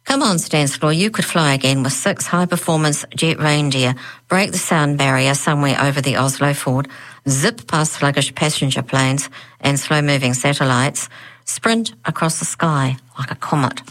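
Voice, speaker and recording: A woman's voice: low-pitched, moderate pace, a bit bright, low-quality recording. A woman voicing an eager, eccentric male professor who pleads and cheers. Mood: pleading. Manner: pleading, jubilant.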